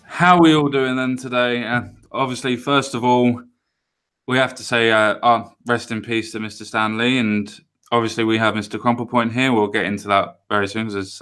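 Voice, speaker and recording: A man's voice: on the low side, a bit bright, clear, resonant tone. A man hosting a casual live stream, chatting loosely with restarts and apologies. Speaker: livestream host. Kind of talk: casual podcast chat.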